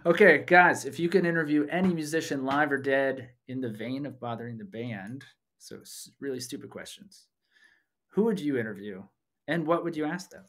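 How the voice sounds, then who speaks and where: A man cohosting a podcast in casual chat, excitable, laughing often and swearing casually. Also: medium pitch, normal speed. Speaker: podcast co-host.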